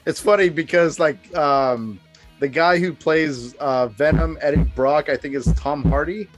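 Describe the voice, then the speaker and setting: A man's voice: a little high, unhurried, faint music behind. Hesitant man in casual podcast chat. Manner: hesitant, full of fillers and restarts, laughs along. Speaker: podcast co-host.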